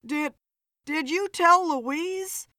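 A woman's voice: sits high, sing-song, unhurried, pushed and bright, no room sound, clean studio sound, exaggerated voice. A woman voicing a bitter, self-pitying man who drinks hard, in an audiobook story. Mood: defensive.

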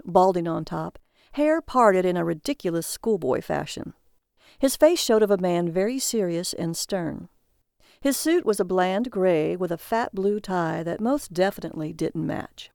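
Clear-voiced woman narrating a story. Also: fairly low pitch, a little mellow, dry recording, clean studio sound.

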